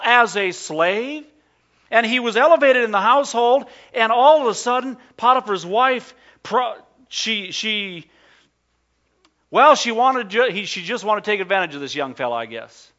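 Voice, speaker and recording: A male pastor with a notably high voice preaches to his congregation in a folksy, conversational way. He asks them questions and slows down to read scripture deliberately. The church recording sounds dull and lo-fi. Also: sharp tone. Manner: reads scripture slowly and deliberately. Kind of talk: sermon.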